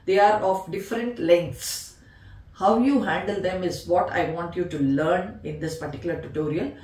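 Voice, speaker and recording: A woman's voice: lowish voice, moderate pace, darkish tone, reverberant, far from the mic. A woman teaching veena in a patient tutorial, counting beats and naming the notes one by one. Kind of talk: music tutorial explanation.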